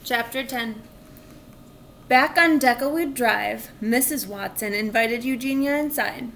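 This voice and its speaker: Woman, children's story read aloud, expressive, clear, slightly high voice. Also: measured pace, slight background noise. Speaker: reader.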